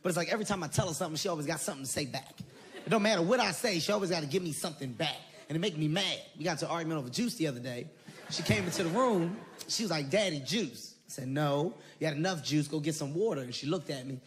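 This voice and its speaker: Laughing man telling animated family stories. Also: a little high, very fast. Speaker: comedian. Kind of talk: stand-up and talk show anecdotes.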